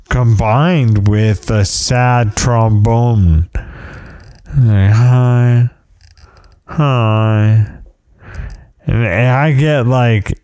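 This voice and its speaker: A man's voice: lowish voice, mellow, clean tone, no echo, studio quality. A man hosting a podcast who rambles through anecdotes in a casual chat, with self-deprecating asides. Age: parent of young kids. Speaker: podcast host.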